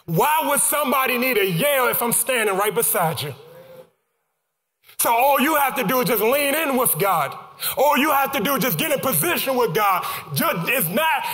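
A man preaching a sermon as pastor, calling out to the congregation and swinging into sung, shouted cadences. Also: very high-pitched. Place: church sanctuary. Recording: church hall reverb with music behind.

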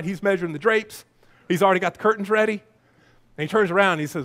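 A man preaching a lively, playful sermon as pastor, breaking into shouts and silly voices. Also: high-pitched, very fast.

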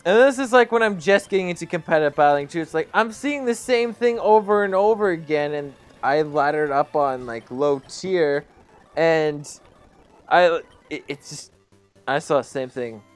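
A young man hosting a casual gaming let's play, joking, swearing and getting excited. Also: fairly high pitch, moderate pace, clear, resonant tone, soft background music.

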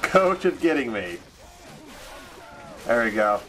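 A man's voice: mid-range voice, sing-song, slow pace, fairly bright tone. A man playing a co-op game, teasing his friend and swearing. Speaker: gamer. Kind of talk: casual co-op let's play chat.

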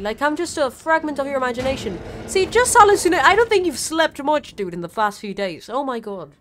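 A woman's voice: sits high, big pitch swings, brisk, hardly any pauses, fairly bright tone, slight background noise. A woman streaming a video game live, swearing freely while talking to her chat and the characters on screen. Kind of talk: live gameplay commentary.

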